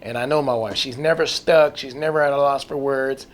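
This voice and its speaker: A man tells his own faith testimony in a relaxed, conversational way. He is earnest and candid, often restarts his sentences, and uses folksy turns of phrase. His voice sits at an ordinary middle pitch. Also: brisk, slight background noise. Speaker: testimony speaker.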